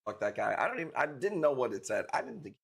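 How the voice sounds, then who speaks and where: A man's voice: medium pitch, big pitch swings, fast talker, vocal fry. A man streaming live, chatting casually with viewers and joking in a brash, profane way.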